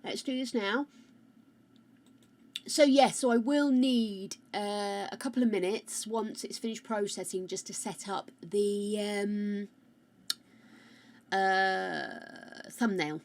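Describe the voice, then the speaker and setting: A woman chatting casually with her live-stream viewers on a close mic, loud and rambling, greeting people by name. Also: medium pitch, takes it slowly, long pauses.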